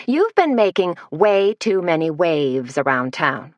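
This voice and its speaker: A woman's voice: on the low side, very animated, measured pace, no room sound, highs cut off. A woman narrator voicing a stern, disapproving small-town woman who harangues. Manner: haranguing, cold.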